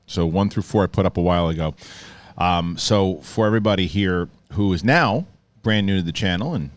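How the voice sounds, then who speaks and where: Low-voiced man rambling through a review. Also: fairly quick, no echo. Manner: rambling, restarts often, animated retelling. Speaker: host. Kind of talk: casual spoken review.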